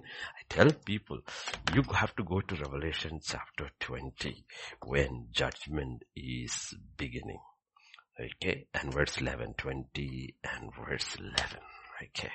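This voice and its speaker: Deep gravelly preacher guy, sermon, keeps saying okay, goes loud then drops to a whisper. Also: lively intonation, unhurried. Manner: swings from loud emphatic bursts to hushed, whispered scripture reading; repeats key phrases, says "okay" often.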